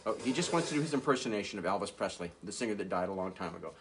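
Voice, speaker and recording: A man's voice: lowish voice, very fast. A man from Nebraska, a ventriloquist, hosting a live puppet show for children in a playful way. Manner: playful, animated, talking to kids.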